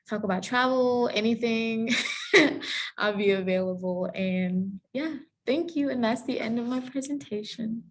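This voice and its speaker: A woman from Cameroon, speaking at medium pitch, gives an online lecture over a video call as a guest lecturer and then takes audience questions. Her tone is friendly and explanatory, with some fillers and self-corrections.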